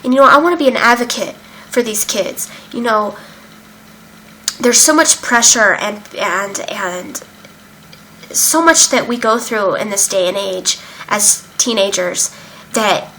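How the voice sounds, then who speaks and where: A woman's voice: mid-range voice, unhurried, bright, forceful tone, a little hiss or hum, poor audio. A young woman candidly telling her own story in a casual vlog, emotional and open, with many fillers and some swearing. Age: young adult. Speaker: vlogger sharing her recovery story. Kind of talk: casual personal account.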